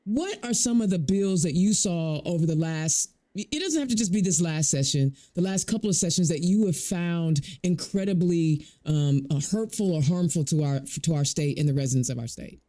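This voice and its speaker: Female talk host, mellow warm tone, chatty, stammers into restarts. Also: on the low side, expressive, normal speed, few pauses. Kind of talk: casual interview chat.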